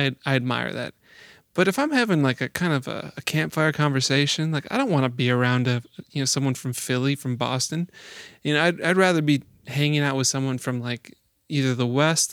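Man from Chicago, gravelly mid voice, relaxed chatter, dry room. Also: mid-range voice, a little fast, no room sound. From Chicago area. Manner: easygoing, laughs often, frequent "like" and "you know". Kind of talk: casual chat.

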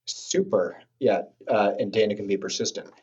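Middle-aged male guest, husky and low, stop-start and enthusiastic, on a muffled lo-fi line. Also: animated, darkish tone. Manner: enthusiastic, halting, with many restarts. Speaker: guest, company executive. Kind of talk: casual podcast interview.

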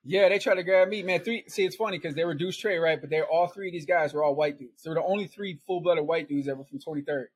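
A man's voice: on the high side, fast talker, hardly any pauses, slight background noise. A middle-aged man telling a long, rambling story in casual chat, laughing often and tagging "right?" and "man" onto his lines. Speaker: podcast guest storyteller.

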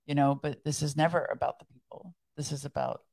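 A woman's voice: low-pitched, fairly even intonation, a little fast, vocal fry, darkish tone. A woman co-hosting a faith podcast, chatting earnestly and leading a prayer. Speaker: podcast co-host. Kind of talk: casual chat and spoken prayer.

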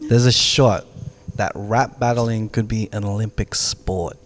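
A man's voice: lowish voice, fairly even intonation, a little slow. A man co-hosting a podcast, bantering and joking in casual chat. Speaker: podcast host.

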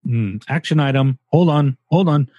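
A man's voice: medium pitch, normal speed, warm tone, dry recording, highs cut off. A man co-hosting a casual podcast, rambling and joking with the odd swear word. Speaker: podcast co-host. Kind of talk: casual chat.

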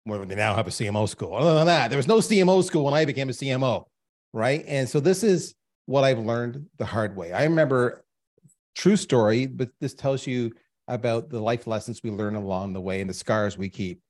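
A man's voice: medium pitch, brisk. A man in his fifties, a podcast guest telling stories emphatically and speaking straight to listeners. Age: 50s. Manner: emphatic, animated storyteller who addresses listeners directly. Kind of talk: storytelling in a podcast interview.

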